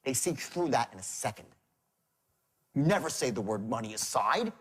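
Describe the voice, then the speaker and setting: Animated man teaching sales. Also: mid-range voice, moderate pace, husky. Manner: animated, acts out sales calls in shifting tones. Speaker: sales trainer. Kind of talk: seminar lecture on sales.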